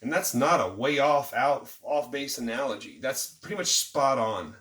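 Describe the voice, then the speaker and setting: A man's voice: mid-range voice, lively intonation, normal speed, a bit bright. A man, ranting about the news in a mocking, irritated vlog with jokey asides. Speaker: vlogger. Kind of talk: sarcastic news commentary rant. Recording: roomy, distant from the mic.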